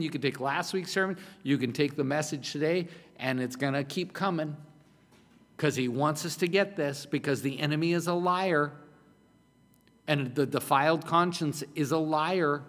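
A man preaching a sermon as pastor, emphatic and conversational, often repeating himself. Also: on the high side. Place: church hall. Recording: long hall reverb.

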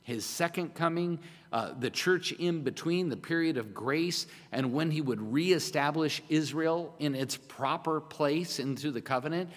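A middle-aged male pastor delivering a sermon in a slightly higher-than-usual voice. He talks in an emphatic, conversational way, pressing his points with rhetorical questions. The sound carries the long reverb of a hall. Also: unhurried.

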